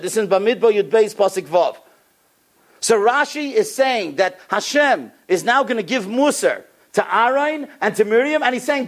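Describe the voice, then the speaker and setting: A rabbi giving a sermon, telling stories with an animated delivery and a voice that climbs on the key points. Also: male voice, sits high, normal speed. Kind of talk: sermon storytelling.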